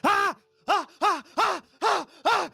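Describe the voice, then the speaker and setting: A man's voice: mid-range voice, a little slow, warm tone, breathy edge, no room sound, soft background music. Man doing a shrieking, panicked cowering man. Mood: screaming panic. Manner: shrieking, stammering, repeating himself.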